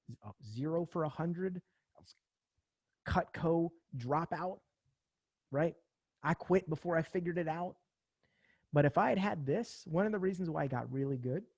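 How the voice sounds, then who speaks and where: A young man from central New Jersey giving a casual, energetic motivational sales talk, using slang and acting out phone calls. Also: fairly high pitch, dry recording. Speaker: sales trainer.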